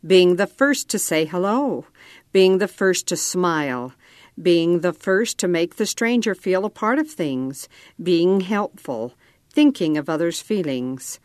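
A woman reads a story aloud in a calm, measured way. Her voice sits fairly low and moves slowly, and the recording is close and dry. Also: no echo. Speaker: narrator. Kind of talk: scripted narration.

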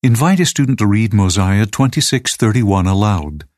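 A man reading aloud a teacher's lesson manual in a measured, even, scripted way. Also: on the low side, no echo, clean studio sound.

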